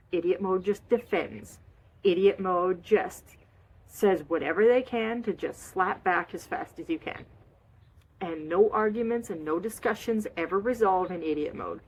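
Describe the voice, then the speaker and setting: A woman coaching on holistic wellness in a casual, expressive way, repeating short phrases and acting out feelings with sighs and little noises. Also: mid-range voice, husky. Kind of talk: casual advice talk.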